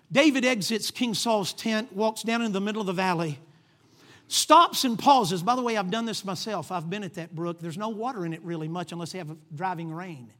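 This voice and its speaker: High voiced preacher guy, animated storytelling sermon, keeps asking for amens. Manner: animated storytelling, acting out the characters; calls for amens from the congregation.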